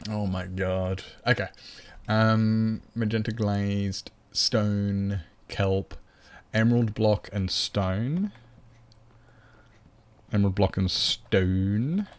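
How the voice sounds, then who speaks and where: Very slow and lowish, this man's voice carries a casual live game stream where he greets viewers, chats loosely, rambles on to himself and addresses his cat.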